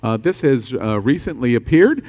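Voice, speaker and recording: A man hosting a live-streamed panel talk show, upbeat and quick to laugh, cutting in on his guests. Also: mid-range voice. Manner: lively, laughing, interrupts guests.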